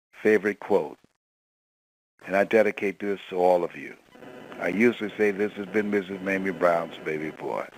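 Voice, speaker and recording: A man's voice: low voice, no echo, poor audio. A man speaking as a motivational storyteller on a call-in line, emotional and acting out quoted voices.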